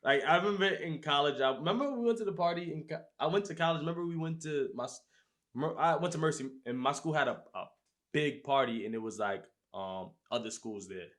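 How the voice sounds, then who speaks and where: A man on a podcast telling a story in a lively way and acting out his own reactions. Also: a little high, a little fast. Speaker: podcast host. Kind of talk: casual storytelling chat.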